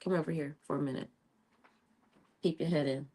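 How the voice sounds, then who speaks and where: A woman's voice: deep voice, steady tone, a little fast, warm tone, husky. A middle-aged woman hosting a casual livestream, chatting with her viewers and calling them "child" and "honey". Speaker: livestream host.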